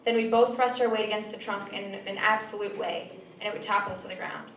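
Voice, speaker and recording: Young woman, author reading her own prose live; measured and dry; distant mic in a roomy venue with faint ambience. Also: medium pitch, a bit bright, slight background noise. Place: small venue.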